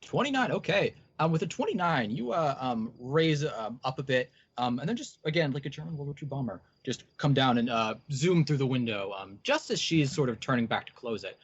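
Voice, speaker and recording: A man's voice: medium pitch, expressive, normal speed, hardly any pauses, slightly rough. A man narrating as game master, with many hesitant ums and uhs. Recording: dull lo-fi recording.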